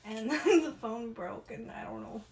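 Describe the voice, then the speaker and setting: A woman's voice: fairly high pitch, fairly even intonation, measured pace, creaky, a little mellow, a little hiss or hum. A young woman co-hosting a podcast in casual chat, giggly and self-deprecating, often trailing off. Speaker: podcast co-host.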